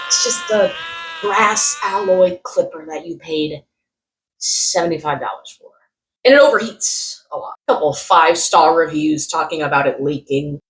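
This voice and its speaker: A young woman talks through odd products in a casual comedic vlog. Her voice sits a little low but swings widely, leaping into loud disbelief and then dropping to a muttered aside. The tone is sarcastic. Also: low-quality recording. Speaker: product review vlogger.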